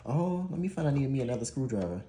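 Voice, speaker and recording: A man's voice: mid-range voice, sing-song, fast, warm tone, echoey room, slight background noise. A man hosting a gaming channel, chatting casually through an unboxing and install tutorial, laid-back and prone to swearing and laughing.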